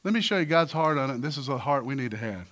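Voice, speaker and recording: A man preaching a sermon as pastor, asking the congregation questions and breaking into loud, emphatic bursts. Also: mid-range voice, lively intonation, fast talker. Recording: reverberant hall with faint music.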